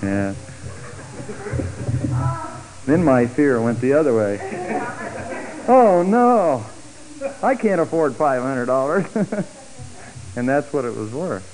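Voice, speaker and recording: A middle-aged man telling a personal testimony story, acting out the voices of the people in it with big jumps in pitch. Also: normal speed, hardly any pauses, crowd noise, rough recording. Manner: animated, acts out quoted speech with big pitch jumps.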